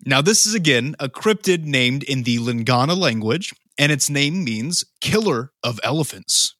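A man's voice: mid-range voice, animated, normal speed, fairly bright tone, no echo, studio quality. A man co-hosting a podcast in casual, profane, joking chat, leading the conversation on the topic. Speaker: podcast co-host.

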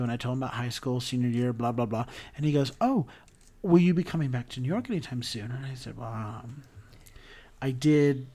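A young man hosting a podcast, telling stories in an animated, chatty way with many ums. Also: fairly high pitch. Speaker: podcast host. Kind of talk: casual storytelling chat.

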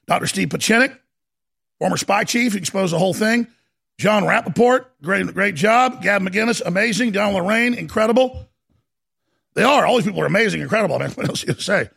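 A man hosting a talk radio show, ranting fiercely and stammering as he swings from shouting to low muttering. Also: animated, normal speed, creaky, long pauses, slightly rough. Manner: fiery, stammering restarts.

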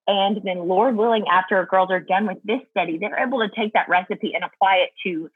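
A woman's voice: mid-range voice, a little fast, slightly rough, no echo, narrow, tinny audio. A woman guest talking earnestly and thoughtfully about Bible study in a casual faith chat, laughing easily.

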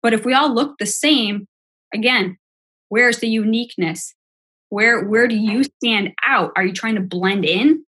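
Husky-voiced middle-aged woman, reflective. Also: fairly high pitch, a little slow, bright, forceful tone. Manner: reflective, asks rhetorical questions. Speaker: podcast co-host. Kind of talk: casual chat.

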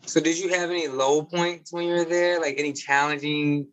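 Easygoing male interviewer with a higher voice. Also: fairly even intonation, moderate pace, poor audio. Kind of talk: casual interview.

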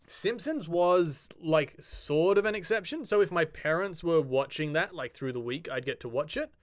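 A man's voice: a little high, lively intonation, normal speed, dry recording, studio quality. A man in his thirties, co-hosting a casual podcast chat with wry, joking asides. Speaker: podcast co-host.

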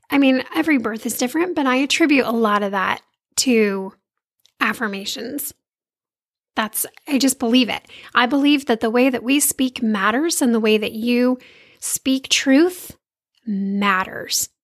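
A bubbly woman in her thirties hosts a casual motivational talk, bright and upbeat, sprinkling playful slang into her encouragement. Her voice sits a little high. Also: a little slow. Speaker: podcast host and confidence coach.

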